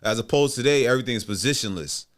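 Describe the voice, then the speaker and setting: A man telling his basketball career story in a relaxed, slangy way, acting out what others said. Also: medium pitch, quick pace. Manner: laid-back, slangy, acts out quoted dialogue. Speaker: podcast guest, former basketball player. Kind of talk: casual storytelling interview.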